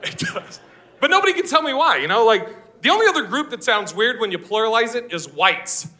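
A high-pitched, bright man performs stand-up comedy in a live show. His delivery is brash and loud, full of swearing and quick laughs at his own lines. His voice jumps around a lot as he tells his stories. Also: sing-song.

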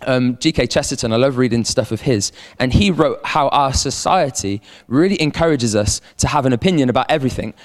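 A man preaching a sermon as a pastor, animated, repeating words and calling on the congregation to respond. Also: medium pitch, fairly quick, hardly any pauses. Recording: long hall reverb.

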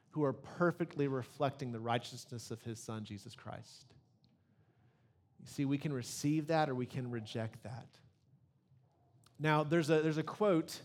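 A young male pastor gives an Easter sermon to his congregation in a church. His voice sits a little high for a man, and he talks in a conversational, earnest way. He slows right down whenever he wants a point to land. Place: church sanctuary before a congregation.

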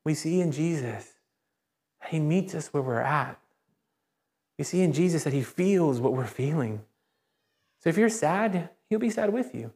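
A man preaching a sermon as a pastor, speaking conversationally and emphatically, with repeated phrases and animated rises. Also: fairly high pitch, a little slow, pauses often. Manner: animated, rises sharply when excited. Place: church.

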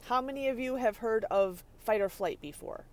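A woman podcast host teaches leadership and stress with bright, chatty energy. She speaks from her parked car on a rainy day, laughing often and pausing to check in with her listeners. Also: on the high side. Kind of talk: motivational teaching talk.

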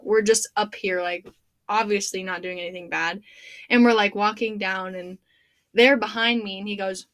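A young woman hosting a podcast, telling a funny story in casual chat, animated and laughing, full of "like". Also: mid-range voice, normal speed. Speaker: podcast host.

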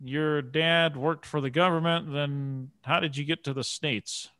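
A man interviewing a guest, telling an anecdote from his past job in a lively way. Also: a little high, a little slow, clear, resonant tone, no room sound. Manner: storytelling, animated. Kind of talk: casual conversation.

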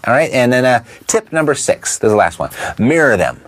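A man at a middle pitch coaches real estate investors, his voice rising and falling in a lively way. He talks straight to the listener, checking in with rhetorical questions as he lays out his tips. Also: normal speed. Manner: briefly imitates a Texan twang. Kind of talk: instructional talk to camera.

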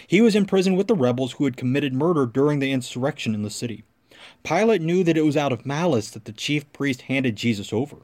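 Expressive man reading scripture. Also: mid-range voice. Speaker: scripture reader.

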